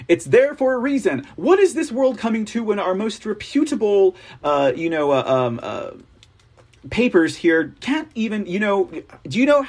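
A man with a slightly husky, fairly high voice hosts a casual news commentary show. He reads articles aloud and drifts into rambling, wry asides, chuckling at his own jokes.

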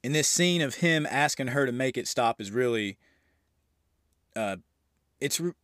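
A man talks through a horror movie scene by scene in a casual, excited podcast recap, with plenty of fillers and a swear now and then. His voice sits at an ordinary middle pitch. The sound is close and dry, with no room around it. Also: a little slow, dry recording. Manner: loose and enthusiastic, with frequent fillers and the odd swear. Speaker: movie review podcast host.

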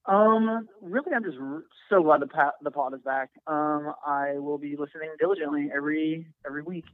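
A man joining a podcast as a guest, speaking softly and haltingly over a remote line. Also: a little high, no echo, phone-quality sound.

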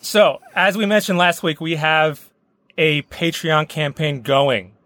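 A man's voice: a little high, slow, fairly bright tone, no room sound. A man hosting a comedic sports podcast with a dry, joking delivery. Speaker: podcast host.

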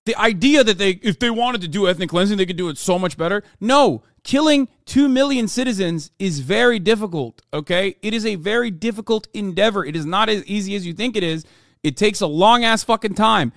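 A man's voice: high voice, animated, a little fast, vocal fry, dry recording, clean studio sound. Profane, sarcastic young streamer man. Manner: profane, sarcastic, erupts into loud outbursts. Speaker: political commentary streamer. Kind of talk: reacting to news clips.

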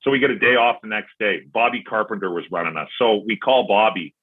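Husky low-voiced man on a tinny line. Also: a little fast. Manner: rambling anecdotes, retells dialogue with "I'm like", profane. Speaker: podcast guest, former pro hockey player. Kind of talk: casual storytelling.

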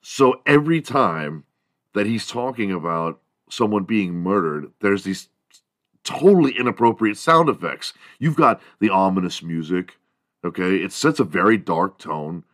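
Male podcast host, fairly low voice, dry close sound, loose swearing comic rant, slips into squeaky impressions. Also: lively intonation, a little slow, a bit bright, dry recording. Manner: rambling, profane, laughs at own jokes; mimics other people in high squeaky voices. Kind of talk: solo comedic monologue.

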